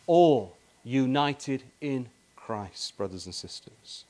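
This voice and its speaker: A man's voice: on the high side, sing-song, moderate pace, darkish tone. A man preaching a sermon in a tent meeting, emphatic and repetitive, often addressing his listeners as brothers and sisters.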